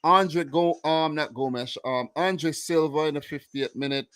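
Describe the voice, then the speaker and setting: A man's voice: a little high, unhurried, a bit bright, clean tone, no room sound. Laid-back New York man chatting football. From United States. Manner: laid-back, slangy, repeats himself. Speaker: football podcast host. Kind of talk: casual chat.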